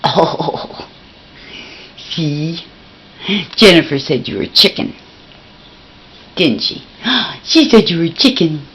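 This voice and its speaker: A woman's voice: deep voice, lively intonation, takes it slowly, pauses often, slightly rough. Woman cooing baby talk at her pet. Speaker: pet owner filming her bird. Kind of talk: home video chat with a pet. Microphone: handheld camcorder.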